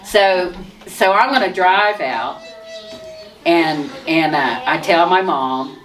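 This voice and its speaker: A woman telling her personal testimony in a lively way, often laughing and restarting her sentences. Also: on the low side, slow pace. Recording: distant mic with noise.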